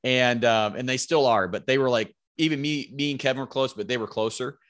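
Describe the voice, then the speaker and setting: A man's voice: mid-range voice, a little fast, fairly bright tone, dry recording. A man, likely in his thirties, casually telling a rambling, profane hunting story and raising his voice to quote his friends.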